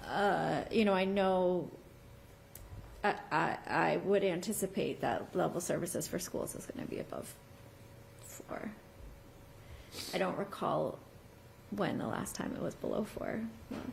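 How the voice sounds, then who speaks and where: A woman's voice: lowish voice, slow, creaky, pauses often, a little hiss or hum, rough recording. A woman on a town board giving her views in a hesitant, hedging way. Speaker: board member. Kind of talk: meeting discussion.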